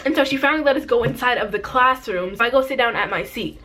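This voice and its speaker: Teen girl vlogger, higher voice, chatty storyteller who laughs easily. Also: quick pace, few pauses, pushed and bright, slight background noise. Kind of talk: casual storytime.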